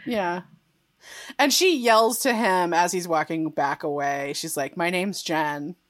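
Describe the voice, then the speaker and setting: A woman's voice: on the low side, slow pace, dry recording, clean studio sound. A woman co-hosting a podcast, casually recapping a TV episode, peppering her talk with "like" and laughing often. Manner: chatty, frequent "like" fillers, laughs often. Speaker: podcast co-host.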